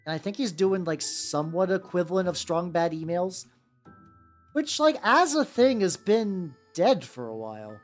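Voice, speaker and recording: A man's voice: sits high, big pitch swings, moderate pace, soft background music. A man in his thirties chatting casually on stream while he paints miniatures, rambling and swearing. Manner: rambling, swearing, slipping into goofy voices. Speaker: VTuber streamer.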